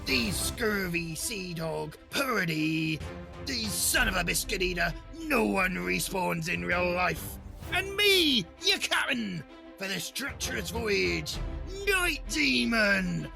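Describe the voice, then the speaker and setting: A man voicing a blustering male pirate captain, hamming it up with drawn-out, growling lines as he opens a podcast. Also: sits high, big pitch swings, creaky, music in the background, pitched above the performer's own voice, heavily acted. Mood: swaggering. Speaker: podcast host.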